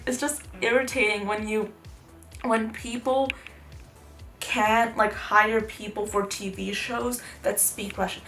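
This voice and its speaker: Young female beauty vlogger, gravelly fry, chatty and rambling, with soft music behind. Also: mid-range voice. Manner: chatty, rambling, heavy use of "like". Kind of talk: casual makeup tutorial chat.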